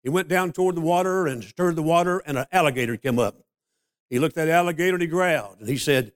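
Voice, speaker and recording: An older man preaching a sermon, a folksy storyteller who slows down to stress scripture. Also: a little high, expressive. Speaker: pastor.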